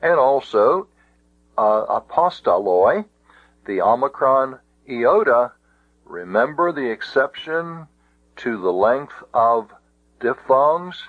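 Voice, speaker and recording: A man's voice: mid-range voice, animated, slow, no room sound. A man teaching Greek grammar, methodically and carefully spelling out each example. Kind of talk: explaining grammar rules. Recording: tinny phone-like audio.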